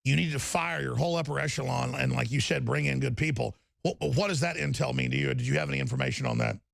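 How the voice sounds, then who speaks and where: A man's voice: mid-range voice, fast talker, creaky, no echo. A man hosting a political talk show, talking in an emphatic, rambling and combative way. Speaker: radio show host.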